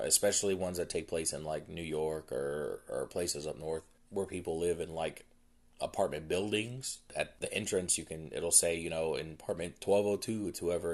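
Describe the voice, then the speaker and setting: A man hosting a podcast, casually retelling a film's plot in a loose, rambling way full of fillers. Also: low-pitched. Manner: rambling, filler-heavy storytelling. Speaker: podcast host. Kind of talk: casual movie recap.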